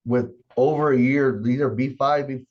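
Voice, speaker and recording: A man's voice: medium pitch, fairly even intonation, normal speed, dull audio. A man in a sales training session, giving brief, matter-of-fact answers. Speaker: agency colleague.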